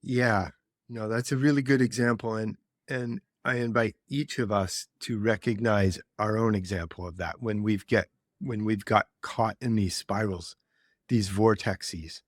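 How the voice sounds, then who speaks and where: A man calmly explaining ideas in conversation. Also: on the low side, dry recording, studio quality. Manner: measured, explanatory. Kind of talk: reflective conversation.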